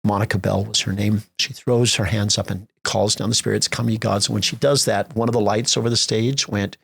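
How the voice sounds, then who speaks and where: A middle-aged American man, a theater festival executive, telling lively stories in a podcast interview and acting out the voices he quotes. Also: fairly low pitch, a little fast, vocal fry, slightly rough. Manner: animated storyteller acting out quotes.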